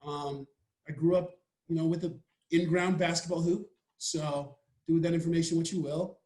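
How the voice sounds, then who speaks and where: A man's voice: on the high side, level tone, moderate pace, a little mellow. Laid-back young Texan man, roomy sound. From Texas. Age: young adult. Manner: laid-back, rambling, joking. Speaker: college football player guest. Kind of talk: casual podcast interview.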